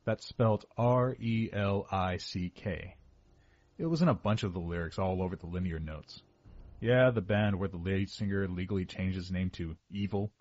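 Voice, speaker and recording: A man's voice: deep voice, fairly quick, darkish tone, dry recording, muffled recording. A man narrating a first-person horror story in a wry, casual, self-mocking way.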